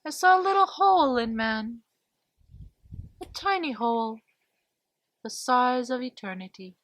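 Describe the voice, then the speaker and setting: A woman storyteller playing a wise female owl full of sorrow, speaking slowly and gravely as if warning of what is to come. A folk-tale figure, lively in pitch, recorded close and dry. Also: no echo, heavily acted. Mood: solemn. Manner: slow, solemn, foreboding. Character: sad, wise female owl watching from above.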